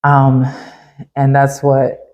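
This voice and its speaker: Low, mellow-voiced woman massage therapist. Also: drawn-out words. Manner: animated, laughs often, acts out clients' reactions. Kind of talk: casual podcast conversation.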